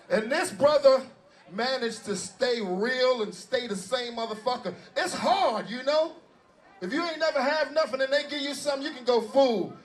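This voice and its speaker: New man, very high voice, loud profane stage storyteller who shouts a lot. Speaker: performer on stage. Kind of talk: live storytelling to a crowd. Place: live club stage.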